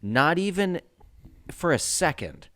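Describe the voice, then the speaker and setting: A man's voice: on the high side, slow. Guy on a podcast going off on a rant, says stuff twice for emphasis, casual. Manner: animated, ranting, repeats for emphasis. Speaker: podcast co-host. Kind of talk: casual chat.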